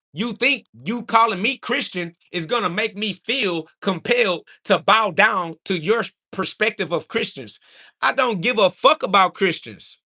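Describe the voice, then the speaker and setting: Hosting a livestream, a high-voiced man fires back at chat in a combative, sermonizing monologue. He keeps insulting the people who criticize him and occasionally escalates to shouting when worked up.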